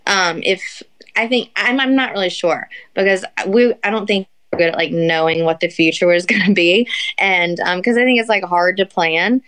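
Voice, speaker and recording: A woman's voice: on the low side, moderate pace, fairly bright tone. A young woman in casual chat, rambling through an embarrassing story with lots of fillers and laughter.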